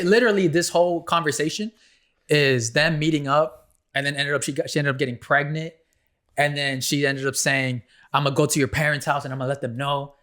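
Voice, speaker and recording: A man's voice: medium pitch, a bit bright. A man co-hosting a podcast, telling a story in a laid-back casual way with plenty of swearing. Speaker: podcast co-host. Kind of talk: casual chat.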